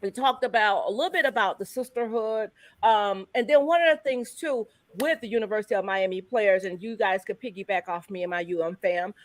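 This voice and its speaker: Lively woman hosting a livestream. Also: mid-range voice, fairly quick, dry recording. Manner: animated, teasing, laughs often. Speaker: host. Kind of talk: casual livestream chat.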